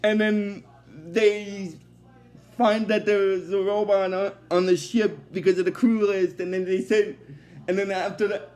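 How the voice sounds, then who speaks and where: Young guy with a high voice going over a cartoon episode, says basically a lot. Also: steady tone, measured pace, a little mellow. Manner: rambling, many fillers like "basically" and "uh". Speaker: episode recap host. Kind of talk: casual episode recap.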